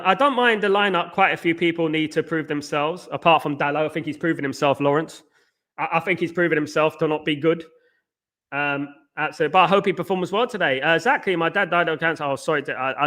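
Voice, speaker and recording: A man rambles casually to his live-stream viewers, full of fillers and restarts. His voice sits fairly high and sounds bright and tense. He talks straight to the audience as a football watchalong host. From England.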